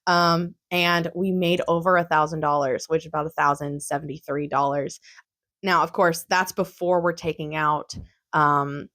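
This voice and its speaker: A woman's voice: low voice, steady tone, moderate pace, a bit bright. Young adult woman, casual vlog recap, chatty and laughing often. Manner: chatty, giggly, lots of fillers. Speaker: vlogger.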